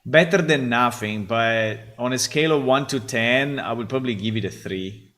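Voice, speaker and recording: A man's voice: medium pitch, moderate pace, a bit bright. Man musing aloud with frequent restarts. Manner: thinking aloud, hesitant restarts. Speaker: game developer, host. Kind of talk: casual commentary.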